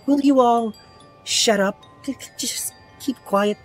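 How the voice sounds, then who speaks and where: A man voicing a shrill, impatient figure snapping at a noisy mess hall to be quiet. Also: takes it slowly. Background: faint ambient music.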